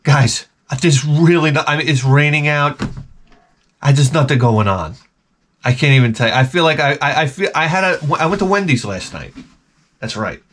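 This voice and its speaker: A man's voice: on the high side, animated, normal speed, a bit bright, a little hiss or hum. A man vlogging in a rambling, profane monologue, swearing often and breaking into mouth sound effects. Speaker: retro gaming vlogger.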